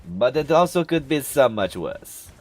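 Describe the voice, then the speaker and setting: A man's voice: medium pitch, big pitch swings, unhurried. A man putting on a mock French accent. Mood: mock-judging.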